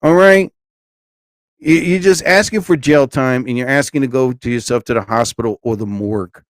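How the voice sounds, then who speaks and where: A man's voice: medium pitch, normal speed, no room sound. A man in his forties hosting a live stream, ranting in a blunt, emphatic way and stopping to greet viewers in the chat.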